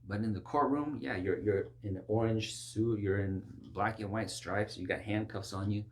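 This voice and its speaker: Fervent male preacher, swinging pitch. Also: moderate pace. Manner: animated, jumps from low murmurs to high exclamations; mocking, acts out worldly voices. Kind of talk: preaching sermon.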